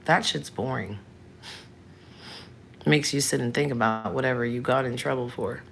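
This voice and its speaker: With an extremely low, creaky voice at normal speed, a livestream host in her thirties talks candidly and replies to viewers by name. Slight background noise can be heard.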